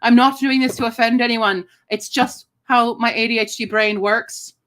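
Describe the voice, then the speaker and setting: A playful, chatty woman talks casually to her live-stream viewers from her apartment. Her voice sits a little higher than most, and she likes to slip into joke accents. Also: fairly even intonation, moderate pace, a bit bright. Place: home apartment, indoors.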